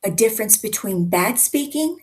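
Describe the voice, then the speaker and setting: A woman in her sixties hosting and coaching, teaching in a conversational way with deliberate pauses. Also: medium pitch, expressive, darkish tone. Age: 60s. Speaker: host and speaking coach.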